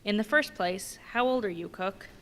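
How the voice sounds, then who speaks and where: A woman reading the lines of a domineering male ship's mate in a brisk, bossy questioning manner. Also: mid-range voice, animated, fairly bright tone, natural voice. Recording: long reverb in a big hall.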